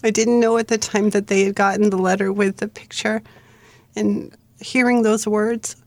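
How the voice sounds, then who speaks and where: A middle-aged woman, an author guest on an interview show, earnestly recounting her own life story in plain, steady narration. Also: mid-range voice, moderate pace, no room sound.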